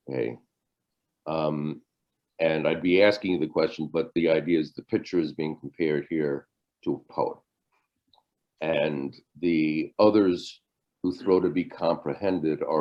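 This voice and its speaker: An older man teaching a class over a video call, talking haltingly with many fillers and restarts. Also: sits low, lo-fi sound. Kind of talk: virtual class lecture.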